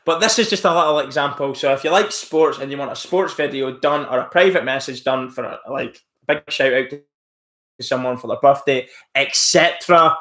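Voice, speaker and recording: A man's voice: medium pitch, normal speed, bright, forceful tone. A man live-streaming from home, rambling casually as he reacts to chat messages and mocks a troll. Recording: roomy echo.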